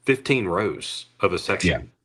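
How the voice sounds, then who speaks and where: A very low, husky-voiced man co-hosts a sports podcast. He talks in a wry, conversational way, drawing out his points. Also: big pitch swings, unhurried, fairly bright tone. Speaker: podcast co-host. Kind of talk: casual sports chat.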